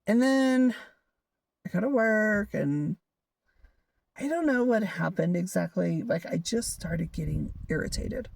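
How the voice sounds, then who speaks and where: Woman vlogger, rambling story, lots of fillers, vocal fry, animated pitch. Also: a little slow, no echo, far from the mic. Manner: rambling, many fillers like "you know" and "like", laughs often. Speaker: hiker vlogger. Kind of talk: casual storytelling monologue.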